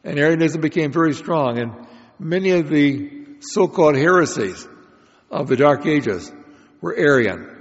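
A man giving a prepared Bible lecture in a measured, explanatory way, with occasional restarts. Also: on the high side, expressive. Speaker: Bible study speaker. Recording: dull lo-fi recording in a reverberant hall.

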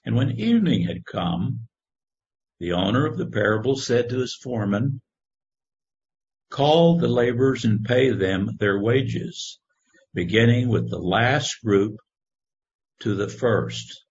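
A man preaching a sermon, reading scripture in a slow, measured way. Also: mid-range voice, animated, darkish tone. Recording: dull lo-fi recording.

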